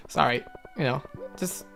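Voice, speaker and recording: A woman's voice: extremely low pitch, slow pace, gravelly, fairly bright tone, faint music behind. A young adult woman streaming a game, chatting casually and rambling with many fillers and restarts. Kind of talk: casual chat while gaming.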